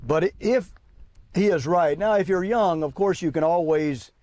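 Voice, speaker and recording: A man's voice: sits high, measured pace, darkish tone, no room sound. A man preaching to young people at an outdoor camp, reading quotes aloud and pressing rhetorical questions with emphasis.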